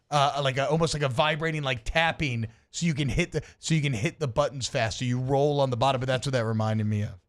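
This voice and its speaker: A male sports radio host who chats casually and rambles through explanations. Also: fairly high pitch.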